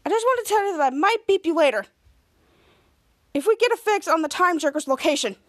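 A woman's voice: very high-pitched, expressive, a little fast, dry recording, studio quality. Woman doing a brash male superhero mentor. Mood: matter-of-fact.

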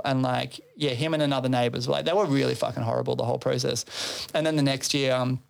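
A man's voice: mid-range voice, steady tone, quick pace, creaky, hardly any pauses. A man who organizes a festival, telling a long story in casual chat, swearing freely and laughing between phrases.

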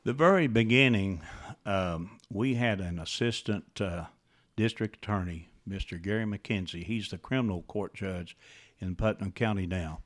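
Man, interview guest, low-ish voice, halting delivery with many pauses. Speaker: interview guest, grieving father. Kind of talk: casual interview, recounting personal loss.

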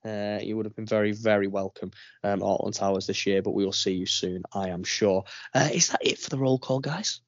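A man's voice: fairly low pitch, brisk, a little hiss or hum. A man hosting a casual podcast, joking and rambling, a little under the weather. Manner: joking, rambling, swears freely. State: slightly ill. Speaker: podcast host. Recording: dry, dull lo-fi remote recording.

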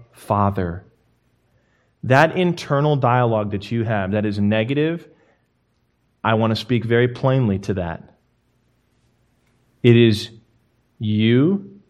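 A young man preaching a sermon, emphatic and lively, swinging from quiet to loud. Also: mid-range voice. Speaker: pastor.

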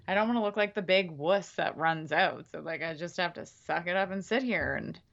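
Lower-voiced chatty woman, muffled recording. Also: brisk, creaky, fairly bright tone. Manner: chatty, laughing, acts out her own thoughts. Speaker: podcast co-host and TV show cast member. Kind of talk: casual interview chat.

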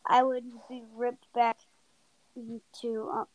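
A woman with a high voice co-hosts a casual podcast. She talks haltingly, with plenty of fillers and asides, even while she reads out a spooky story. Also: muffled recording. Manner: halting, full of fillers and giggles, chatty asides. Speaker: podcast co-host.

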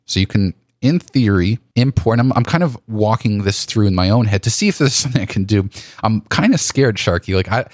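A man's voice: on the low side, no echo, studio quality. A man co-hosting a casual photography podcast, thinking aloud with restarts and repeated words. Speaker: podcast co-host. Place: home office.

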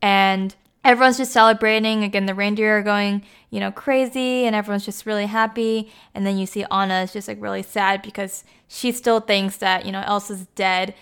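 Woman with a smooth clear voice, chatty recap, says like and you know a lot. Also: medium pitch, steady tone, normal speed, few pauses, a bit bright. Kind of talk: casual plot recap.

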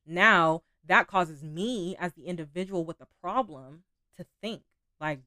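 Candid young woman podcaster, smooth voice. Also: fairly low pitch, measured pace, bright, forceful tone, dry recording, clean studio sound. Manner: candid, conversational, swears casually. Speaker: podcast host. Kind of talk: casual relationship talk.

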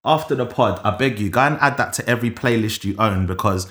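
A man's voice: on the low side, quick pace, a bit bright. A man co-hosting a podcast, bantering in a laid-back, slangy way about music. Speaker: podcast co-host. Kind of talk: casual live-stream podcast chat.

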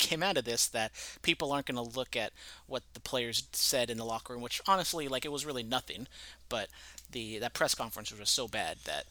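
A man's voice: medium pitch, pushed and bright, dry recording. A man co-hosting a casual sports podcast, rambling and profane as he breaks down a scandal. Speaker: podcast co-host.

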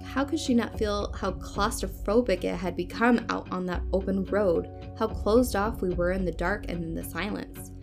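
A woman's voice: medium pitch, moderate pace, hardly any pauses, darkish tone, soft background music. Woman reading a spooky story. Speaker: podcast host.

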